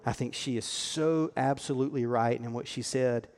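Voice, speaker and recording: A man's voice: mid-range voice, fairly even intonation, moderate pace, darkish tone. A man preaching a sermon in an earnest, conversational way, acting out the lines he quotes. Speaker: pastor. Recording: long hall reverb.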